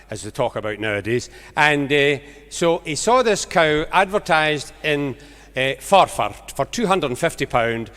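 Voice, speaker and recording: A Scottish man telling jokes on stage as a comedian, a brisk storyteller building to punchlines. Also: medium pitch, fairly bright tone. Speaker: stand-up comedian. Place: large music hall stage. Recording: echoey concert hall.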